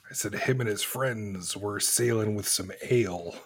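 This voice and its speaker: Slow, husky-voiced male player. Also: fairly low pitch. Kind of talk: tabletop game play.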